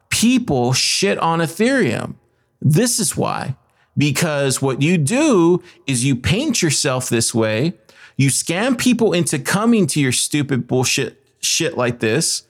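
A man hosting a podcast, retelling a story in a heated, profane rant and acting out the other people's lines in quoted voices. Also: mid-range voice. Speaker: podcast host.

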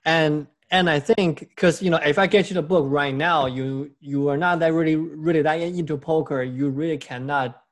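A man's voice: a little high, steady tone, moderate pace, few pauses. A man from China, co-hosting a casual podcast chat, rambling and restarting his sentences often. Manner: rambling, restarts often, nonstandard English grammar. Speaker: podcast co-host.

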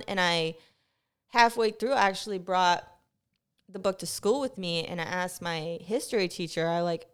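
Young woman ranting on her podcast, swears a lot, kinda low voice but smooth, close mic. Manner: profane, animated storytelling, rushes then slows. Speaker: podcast host. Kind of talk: casual rambling monologue. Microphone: close mic picking up breathing.

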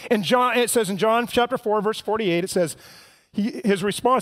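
High-voiced man preaching a sermon. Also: brisk. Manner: earnest preaching, swings from hushed to impassioned. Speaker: pastor.

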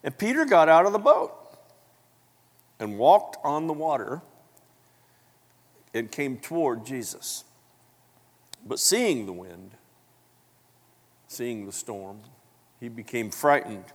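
A man preaching a sermon, telling the story with animated acted-out voices and big jumps in pitch, coughing now and then. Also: slow, pauses often. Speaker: pastor. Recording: long hall reverb.

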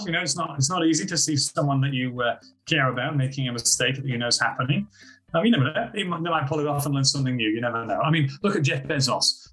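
A man with an Australian accent, a school principal telling lively stories as a podcast guest. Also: mid-range voice, low-quality recording. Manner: animated anecdotes with acted-out quotes. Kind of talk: casual interview storytelling.

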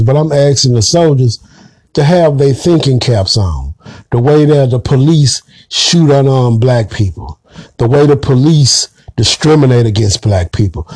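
A man's voice: mid-range voice, a little mellow, no room sound. A man giving an emphatic, preachy commentary monologue straight to his audience. He calls his listeners family and swears bluntly. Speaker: online commentator.

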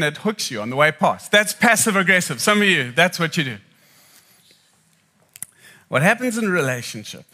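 A man tells jokes and stories in a live talk about marriage, with an animated delivery. His voice sits high and sounds clear and bright. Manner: joking, animated storytelling. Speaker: speaker.

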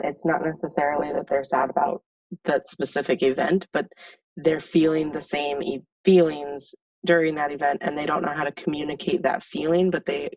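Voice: medium pitch, creaky, a little mellow, dry recording, recorded from a distance, rough recording. A group participant speaking tentatively and reflectively with fillers. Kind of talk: casual support-group sharing.

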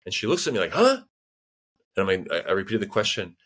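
Animated low-voiced American man telling stories. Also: rapid-fire. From United States. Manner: animated storyteller, acts out quoted voices, frequent fillers. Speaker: guest linguist. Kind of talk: casual interview chat.

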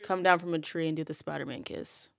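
A woman co-hosting a casual movie chat, telling jokes in a dry, deadpan way. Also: deep voice, quick pace, creaky, no room sound. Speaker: podcast co-host.

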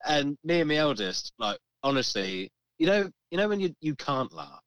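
A man co-hosting a podcast, telling a story in a casual, animated way and acting out the voices of the people in it. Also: fairly high pitch, moderate pace, clean tone, no room sound, poor audio. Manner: animated, swearing, acts out the voices in his story. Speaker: podcast co-host.

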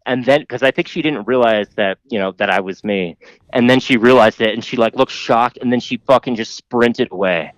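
A man on a podcast casually telling a rambling, profane story, mimicking other people in a higher voice. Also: a little fast, dry recording, low-quality recording.

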